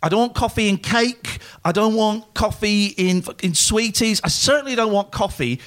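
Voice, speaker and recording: A man's voice: sits high, normal speed, fairly bright tone. A man in casual conversation, rambling through funny stories and comic rants. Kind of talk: casual chat.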